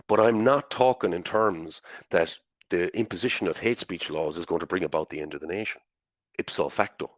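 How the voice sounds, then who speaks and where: A low-pitched Irish man delivers a blunt, opinionated podcast monologue. He stumbles, repeats words and swears. The sound is close and dry. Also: a bit bright, no room sound. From Ireland. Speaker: podcast host.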